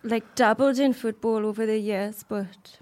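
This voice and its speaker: A Geordie pop singer in her thirties, as a woman puts her on, dodges each question with coy, drawn-out answers. Her voice sits a little high, and she leans on "like" between phrases. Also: fairly even intonation, darkish tone, lightly acted. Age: 30s. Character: female pop star impersonation, coy and evasive.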